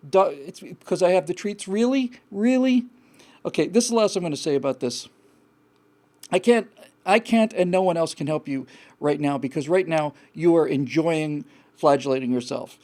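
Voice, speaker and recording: A man's voice: fairly high pitch, normal speed, darkish tone. A man hosting a live call-in show, giving blunt, frank advice in a rambling way with many restarts. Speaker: host.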